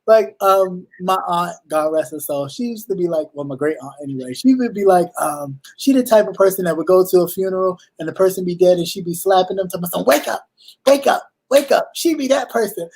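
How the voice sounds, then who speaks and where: A woman's voice: on the low side, brisk, few pauses, poor audio. A woman hosting a casual online chat, telling stories with lots of acted-out quotes. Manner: animated storytelling, acting out quotes. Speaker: host.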